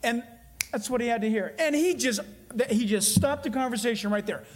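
A man with a fairly high voice, preaching a sermon. He tells stories in an earnest way and draws out the phrases he wants to stress. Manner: earnest, storytelling preacher with emphatic slowed phrases. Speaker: pastor.

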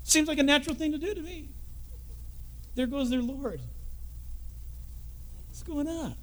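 A man's voice: very high voice, a little slow. A man preaching a sermon, telling stories and jokes and acting out the people in them. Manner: animated storytelling, acts out characters in the story.

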